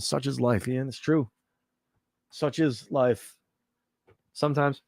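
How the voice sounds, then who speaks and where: A man's voice: medium pitch, a bit bright, no echo, clean studio sound. A man in his thirties chatting casually while streaming a game, rambling and reflective as he reads chat aloud.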